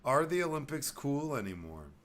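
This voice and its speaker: A man's voice: mid-range voice, very animated, normal speed, fairly bright tone. A man hosting a podcast in casual chat, laid-back and swearing freely, often trailing off mid-sentence. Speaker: podcast host.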